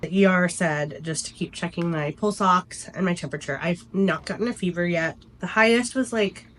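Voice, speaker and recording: A woman's voice: on the low side, normal speed, fairly bright tone, a little hiss or hum. A young woman vlogger who is sick, congested and weak, telling a chatty, exasperated story-time tale.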